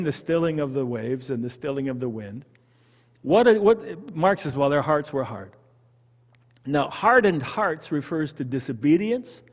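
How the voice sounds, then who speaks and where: Animated Canadian man teaching Bible study. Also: a little high, long reverb tail. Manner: animated, conversational, asks the group questions. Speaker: pastor leading Bible study. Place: church hall.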